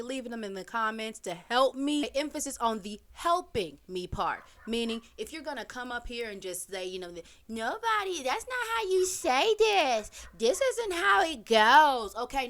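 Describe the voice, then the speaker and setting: A woman host giving chatty, slangy reaction commentary on a comic she reads. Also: on the high side. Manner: chatty, animated, slangy asides. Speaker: channel host reading a comic.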